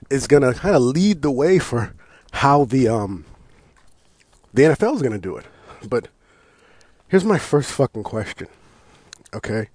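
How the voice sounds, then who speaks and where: A husky, medium-pitched American voice, recorded with no echo, belongs to a talk show host ranting about sports. His casual, profane style is loose and full of laughs, restarts and animated outbursts.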